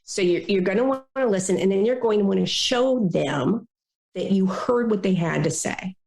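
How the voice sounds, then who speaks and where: A woman consultant giving advice in a podcast interview, talking in a lively way and acting out complainers in little quoted voices. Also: medium pitch, moderate pace, vocal fry, echoey room. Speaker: guest consultant on difficult people.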